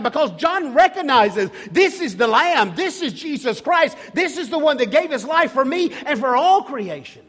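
A man preaching a sermon with emphatic rhetorical questions, sometimes dropping to a hush. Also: very high voice, long reverb tail. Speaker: pastor.

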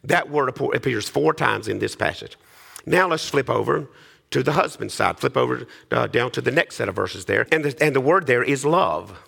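A man's voice: mid-range voice, lively intonation, moderate pace, gravelly, fairly bright tone, breathy edge. A man preaching a sermon, reading scripture and then explaining it with repetition and asides to the congregation. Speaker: pastor.

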